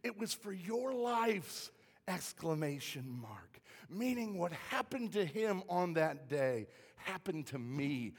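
Man preaching a sermon, high voice, slow delivery, long hall reverb. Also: big pitch swings, slightly rough. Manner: swings from hushed to shouted preaching. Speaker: pastor.

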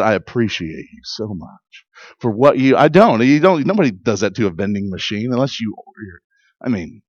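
A man's voice: medium pitch, no echo, muffled recording. Earnest man preaching a conversational sermon. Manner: conversational, earnest, with many restarts and rising emphatic peaks. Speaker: pastor.

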